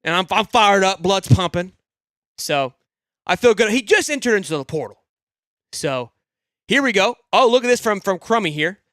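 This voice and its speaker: A young man hosting a live fan sports show, excitable and rambling, swearing freely and swinging from loud hype to low grumbling. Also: normal speed, pauses often, no room sound, studio quality. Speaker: sports podcast host.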